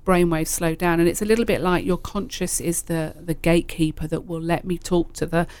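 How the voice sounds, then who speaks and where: A woman, a hypnotherapist, explaining in a relaxed conversational way, often pausing with fillers and repeating phrases. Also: on the low side, no room sound. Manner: hesitant, filler-heavy, uses repeated self-talk phrases.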